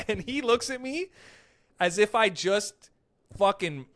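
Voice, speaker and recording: A young man hosting a casual podcast, telling stories in an animated, profane way. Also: sits high, takes it slowly. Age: young adult. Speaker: podcast host; comedian.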